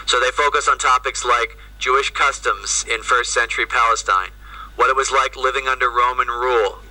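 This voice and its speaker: A priest gives a talk over a video call, his voice very bright and cutting. He sounds set back from the microphone, and the call audio comes through thin. He speaks conversationally, tossing in "right?" and "you know" as he explains. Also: mid-range voice, far from the mic, poor audio. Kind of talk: lecture to an audience.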